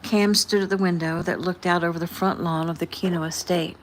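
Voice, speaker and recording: Woman author reading her novel casually, lowish voice, light room hiss. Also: fairly even intonation, fairly quick. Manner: reads casually, softly voicing each character. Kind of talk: casual audiobook narration with character dialogue.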